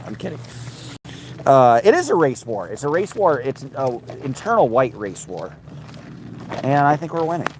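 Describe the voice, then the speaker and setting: A man chats on a loose, rambling livestream while out by a river, with a faint hum of noise behind him. His voice sits at a middling pitch for a man. He drifts between topics and now and then breaks into sing-song chatter aimed at his dog. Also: rough recording. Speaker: livestream host. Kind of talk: casual rambling live chat. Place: outdoors by a river.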